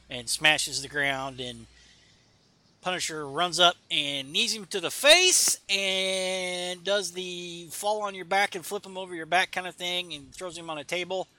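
Podcast host, male, bright sharp timbre, loose rambling delivery with fillers. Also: a little high, a little slow, no echo. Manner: rambling, many fillers, reads dialogue aloud. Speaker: podcast host reading a comic aloud. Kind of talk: casual comic book recap. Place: home.

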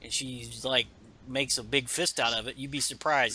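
A man casually recapping a comic book on a podcast, animated and jumping into character lines. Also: medium pitch, normal speed, husky. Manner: animated, acts out character lines in raised voices. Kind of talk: casual chat.

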